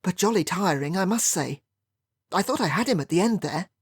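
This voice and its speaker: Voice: mid-range voice, expressive, fairly quick, breathy edge, no echo, studio quality. The audiobook narrator voicing a theatrical woman with an airy, drawling manner. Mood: breezy. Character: genteel upper-class English woman, theatrical, affected.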